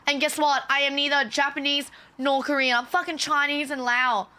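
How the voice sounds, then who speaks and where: A woman chatting on a live stream, telling animated stories with a lot of swearing and laughter. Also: sits high, moderate pace. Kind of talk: casual stream chat and storytelling.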